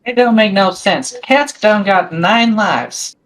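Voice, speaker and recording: A woman's voice: mid-range voice, takes it slowly, poor audio. A woman playing a tabletop game, speaking in a drawling folksy country put-on accent. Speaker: player. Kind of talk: tabletop role-play in character.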